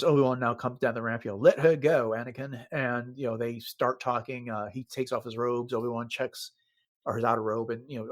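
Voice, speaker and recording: A man's voice: mid-range voice, fairly bright tone. A man co-hosting a podcast, retelling movie scenes in a casual chat and acting out quoted lines. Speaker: podcast co-host.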